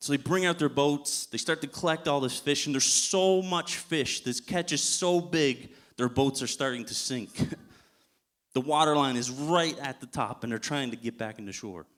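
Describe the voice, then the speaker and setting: A man's voice: mid-range voice, moderate pace, a bit bright. A man giving a sermon as a guest preacher in a church, telling the story in a casual way and chuckling often.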